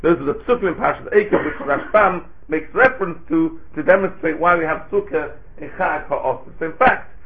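Guy giving a sermon, kinda high voice, sounds like it's over a phone line, chants the hebrew bits. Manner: rhetorical questions and Hebrew phrases in a chanting lilt. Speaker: rabbi giving a Torah talk. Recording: tinny phone-like recording.

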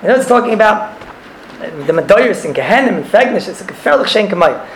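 In an echoey room, a man with a high, sing-song voice talks fast over a faint hiss or hum. He is teaching a religious class, explaining a text and telling stories, repeating phrases and mixing in Hebrew and Yiddish terms.

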